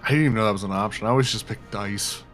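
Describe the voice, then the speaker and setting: A man's voice: lowish voice, very fast, a bit bright, faint music behind. A man playing a tabletop game, joking and wisecracking with the group. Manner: wisecracking and playful. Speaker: player. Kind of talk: casual tabletop game chat.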